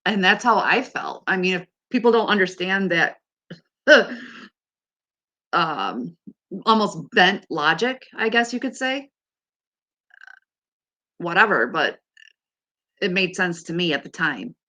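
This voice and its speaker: A woman with a somewhat low voice talks straight to her listeners. She is blunt and animated, swears without fuss, and laughs through her own stories. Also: a little slow, pauses often. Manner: frank and animated, swears freely, laughs often. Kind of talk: casual chat.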